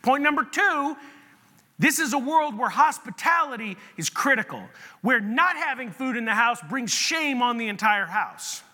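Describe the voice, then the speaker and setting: A man preaching a sermon as pastor, telling stories in an animated way and often restarting his sentences. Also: very high-pitched, moderate pace. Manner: animated storytelling with repeated restarts. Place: church sanctuary. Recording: long reverb of a large hall.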